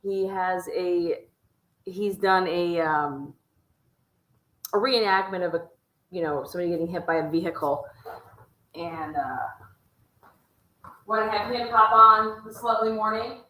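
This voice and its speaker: A woman's voice: fairly low pitch, unhurried, pauses often, bright, forceful tone, a little hiss or hum. A woman hosting a live stream in a playful, hyped-up, casual way, cheering her viewers on. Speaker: livestream host. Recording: echoey room.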